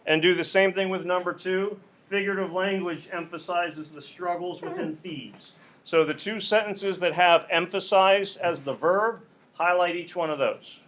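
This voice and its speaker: A male high school English teacher explaining an assignment to his class, patient and repeating key points. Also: normal speed, fairly bright tone. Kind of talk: classroom instruction.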